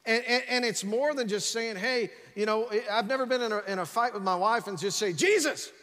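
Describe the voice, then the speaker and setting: High-voiced preacher in a reverberant hall. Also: male voice, a little fast. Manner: energetic preaching with frequent "come on" and repeated restarts. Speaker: pastor. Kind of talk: sermon. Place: church sanctuary. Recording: long reverb of a large church hall.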